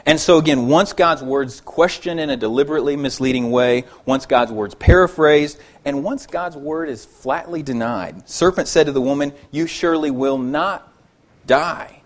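A man preaching a sermon as a pastor. He repeats words as he restarts phrases, and he reads scripture aloud in a steadier, lower voice. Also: moderate pace, few pauses.

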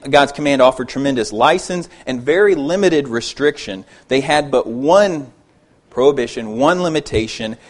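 A man preaching a sermon as a pastor. He repeats words as he restarts phrases, and he reads scripture aloud in a steadier, lower voice.

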